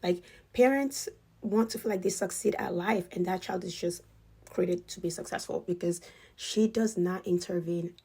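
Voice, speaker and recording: A woman with a lowish, dark, slightly rough voice and vocal fry speaks at a moderate pace. She tells a casual, chatty story about her experiences with a wealthy family, packing her sentences with "like."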